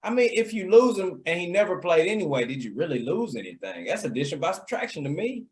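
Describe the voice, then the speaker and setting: A man's voice: high voice, very animated, quick pace. Laid-back podcast co-host man. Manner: laid-back, laughs often, says "man" a lot. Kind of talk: casual sports chat.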